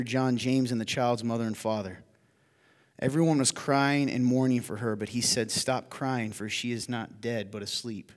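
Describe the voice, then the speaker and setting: A male pastor preaching a sermon, moving between hushed storytelling and loud, emphatic appeals to the congregation. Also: medium pitch, big-room sound. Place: church hall.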